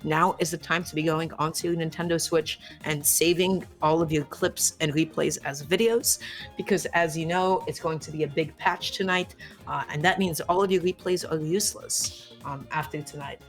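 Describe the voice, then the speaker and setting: Young woman, esports caster, playful, excitable, lowish voice, faint background music. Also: normal speed. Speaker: esports commentator. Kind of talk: live esports commentary.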